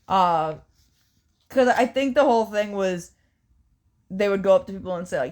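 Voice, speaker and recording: A woman's voice: medium pitch, expressive, normal speed, a little mellow. A young adult woman co-hosting a podcast in casual chat, blunt and often swearing. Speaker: podcast co-host.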